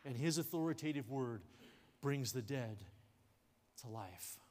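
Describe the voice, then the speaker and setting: Man pastor, lively sermon delivery, light jokes, sanctuary echo. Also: medium pitch, unhurried. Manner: animated preaching with sudden drops to a hush; jokey asides. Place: church sanctuary. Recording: long hall reverb in a church sanctuary.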